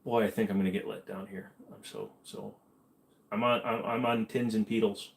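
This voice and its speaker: A man with a fairly low voice hosts a casual livestream chat. He rambles easily and jokes as he reads viewers' comments aloud and answers them. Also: steady tone, moderate pace, vocal fry.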